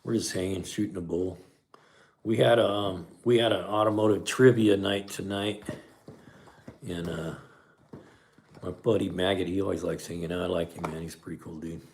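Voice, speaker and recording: A middle-aged man with a very low, gravelly voice hosts a livestream. He chats in a relaxed, easygoing way, often tossing in "man" as he reacts to viewers. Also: normal speed, pauses often, slight background noise. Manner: laid-back, peppers talk with "man". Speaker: podcast host reading live chat. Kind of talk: casual livestream chat.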